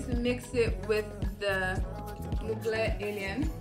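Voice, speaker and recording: A woman's voice: mid-range voice, moderate pace, over loud music. A young woman vlogging at home, chatting candidly and rambling straight to her viewers. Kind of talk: casual chatty vlog. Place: indoors at home.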